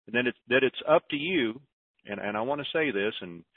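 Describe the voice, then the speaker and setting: A man's voice: mid-range voice, lively intonation, fairly quick, dry recording. A man hosting a conference call, giving folksy advice and often restarting his sentences. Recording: tinny phone line.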